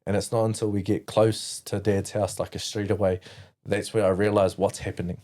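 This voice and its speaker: A man's voice: fairly low pitch, little pitch movement, brisk, mellow. A man from New Zealand as a podcast guest, telling his own story candidly, rambling with many "like" fillers and blunt swearing.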